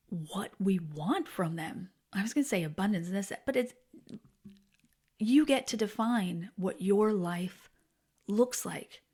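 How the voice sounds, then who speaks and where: A woman in her forties, a podcast host, telling a frank personal story in a candid, animated way that drops to soft, hushed tones. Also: medium pitch.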